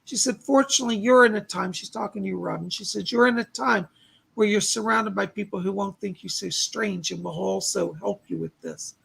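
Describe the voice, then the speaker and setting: A male psychic medium on a live stream, hoarse from losing his voice, relaying spirit messages and thanking donors by name. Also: high voice, fairly quick, a bit bright. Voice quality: gravelly, husky voice. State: losing his voice, clearing his throat.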